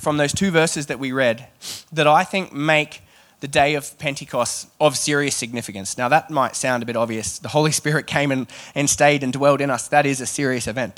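A man preaching a sermon, reading scripture and then talking it through in a chatty, animated way with joking asides. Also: mid-range voice, a little fast, few pauses.

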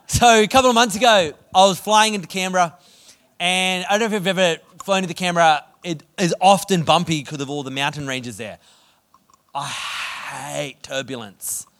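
A man preaching a sermon, energetic and conversational as he tells stories. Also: high-pitched. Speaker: pastor.

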